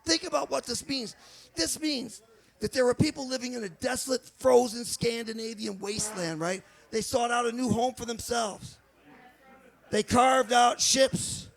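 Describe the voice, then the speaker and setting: A man's voice: very high voice, moderate pace, creaky. A middle-aged man with a Boston accent doing a rambling, chatty stand-up comedy set, swearing now and then. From Michigan. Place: outdoor farm stage before a live crowd.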